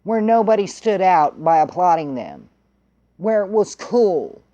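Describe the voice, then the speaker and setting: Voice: medium pitch, sing-song, measured pace, mellow, dull audio. A vlogger telling a story in a blunt, heated way and swearing freely. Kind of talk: casual profane storytelling.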